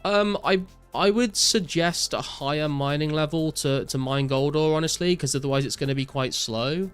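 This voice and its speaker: A young man streaming a game, reading chat aloud and answering viewers in a relaxed way, full of "like" and "um". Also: fairly high pitch, moderate pace, smooth, faint music behind. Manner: relaxed, reads out chat messages and answers viewers with many fillers. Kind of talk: casual live-stream chat while gaming.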